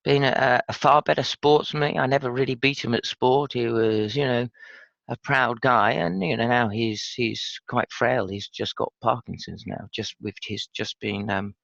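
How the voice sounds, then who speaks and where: A British man in his fifties, a former pilot telling his story frankly and reflectively in an interview, halting with fillers. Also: mid-range voice, steady tone, creaky, a bit bright, dry recording, muffled recording. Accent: British English. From Britain. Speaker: podcast guest, former RAF pilot.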